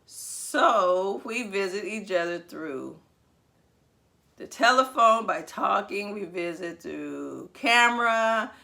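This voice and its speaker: A woman teaching preschoolers over video, her voice bright and forward. She speaks slowly and encouragingly, in a sing-song way, drawing out words for the children to repeat. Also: mid-range voice, expressive, creaky. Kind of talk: video lesson for young children.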